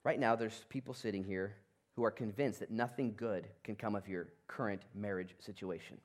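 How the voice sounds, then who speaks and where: A man's voice: fairly low pitch, moderate pace. A man pastor preaching a sermon, telling the story with energy and acting out the people in it.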